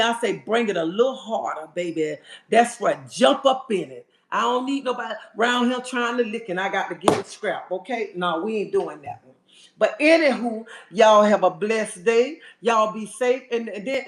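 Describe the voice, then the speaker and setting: A man ranting on a livestream to viewers, sassy and emphatic, calling them "honey" and asking "okay?". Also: extremely high pitch. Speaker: livestream host. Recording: roomy echo.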